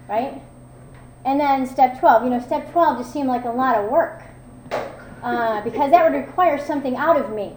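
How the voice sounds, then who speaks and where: A woman's voice: sits high, moderate pace, a little mellow, slight background noise. A woman telling her own recovery story at a meeting, candid and self-mocking, with many fillers. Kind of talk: personal testimony talk. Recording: echoey room with faint ambience.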